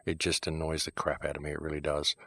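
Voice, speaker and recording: A middle-aged man with a deep, low voice hosts his own show from a shed studio out in the countryside. He delivers an emphatic, heated monologue that eases into calmer, wry asides. The sound is close and dry, with no room echo. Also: fast talker. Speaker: host. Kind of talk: ranting monologue to camera.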